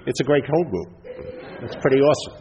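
A middle-aged man sharing his recovery story at a twelve-step meeting, acting out other people's lines in lively bursts. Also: a little fast, highs cut off. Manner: storytelling, acts out others' lines with big jumps in pitch and loudness. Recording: long hall reverb, faint background noise.

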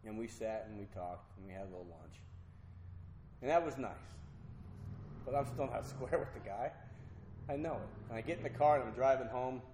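A middle-aged man earnestly telling a personal recovery story to an audience, with halting restarts. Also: mid-range voice, a little mellow. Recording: roomy hall with faint noise.

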